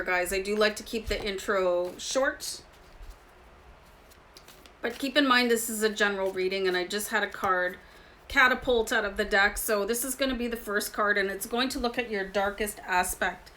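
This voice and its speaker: Bright-voiced woman chatting through a tarot reading. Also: mid-range voice, normal speed, slight background noise, rough recording. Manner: chatty, confiding, addresses viewers as guys. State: slight throat irritation. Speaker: tarot reader. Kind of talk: casual tarot reading to camera.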